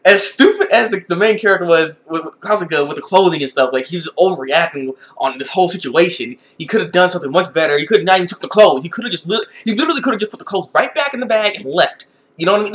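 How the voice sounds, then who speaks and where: Excitable man with a high, swooping voice. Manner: excitable, laughing, repeats words. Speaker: anime reviewer. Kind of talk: casual anime review vlog.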